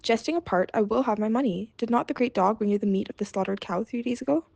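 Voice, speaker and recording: A woman voicing a stubborn, grumbling peasant man in a read-aloud fairy tale, blustering and exasperated, with a creaky edge. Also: on the high side, quick pace, a little mellow, no room sound.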